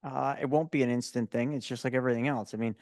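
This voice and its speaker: A man in his forties, a guest in an interview, telling stories in a lively, casual way and often repeating words as he starts a thought. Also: medium pitch, quick pace, dry recording, clean studio sound. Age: 40s. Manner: animated storyteller, repeats words when starting.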